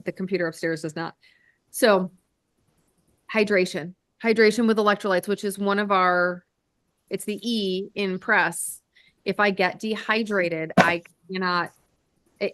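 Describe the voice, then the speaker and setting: A woman hosting a live health stream in a loose, rambling way, quick to laugh at herself and let a swear slip. Her voice sits at an ordinary middle pitch for a woman. The sound is dry and close, with no room around it. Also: a bit bright, no room sound. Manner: chatty, self-deprecating, swears casually. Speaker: host of a telehealth livestream. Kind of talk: casual livestream chat.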